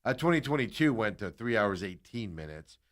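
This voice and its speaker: A man co-hosting sports talk radio, telling stories in an excitable, animated way. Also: lowish voice, a little fast.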